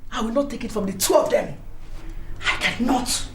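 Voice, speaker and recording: An actress with a Nigerian accent playing Betty, a proud, furious club matriarch, shouting and laughing scornfully. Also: female voice, on the high side, normal speed, echoey room, slight background noise, lightly acted. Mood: outraged. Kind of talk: Nollywood film acting.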